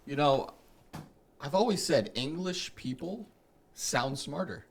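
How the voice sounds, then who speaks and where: A man co-hosting a podcast who talks in a relaxed, rambling way. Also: on the high side, takes it slowly, slight background noise. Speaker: podcast co-host. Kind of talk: casual podcast chat.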